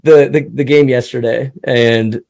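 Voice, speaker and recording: A man chatting casually about sports as a passionate, excitable fan who swears freely. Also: medium pitch, a little slow, vocal fry, no room sound.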